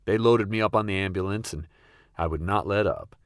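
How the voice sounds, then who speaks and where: A young man narrating a comic personal story in a wry, deadpan way. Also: low voice, a little fast, no room sound, clean studio sound. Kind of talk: comedic first-person storytelling.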